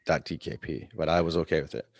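Man, very low voice, laid-back, hesitant, casual gaming chat, dry recording. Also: steady tone, quick pace, no room sound.

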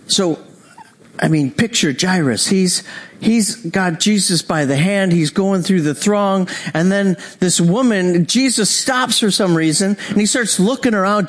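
A male preacher with a high voice delivers a sermon. He tells the story with animated energy, slipping into the voices of its people and laughing often. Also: a little slow.

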